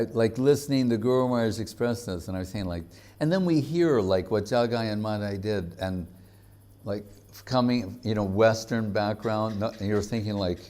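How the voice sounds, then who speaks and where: A man who is a spiritual teacher, giving a conversational devotional lecture in an informal, halting way, with frequent fillers and chuckles. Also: lowish voice, a little mellow.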